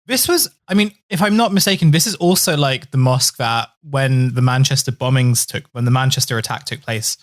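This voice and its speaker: A man's voice: medium pitch, brisk, hardly any pauses. Hesitant man musing in casual chat. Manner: hesitant, many fillers and restarts.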